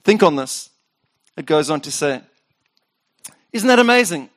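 A man preaching a sermon as the pastor, speaking earnestly and personally, and slowing down when he reads scripture aloud. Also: fairly high pitch, expressive, a bit bright.

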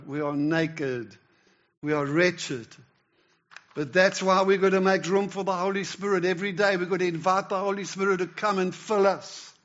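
High-voiced man preaching a casual sermon. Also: fairly bright tone, lo-fi sound. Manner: conversational preaching with stammered restarts. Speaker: pastor.

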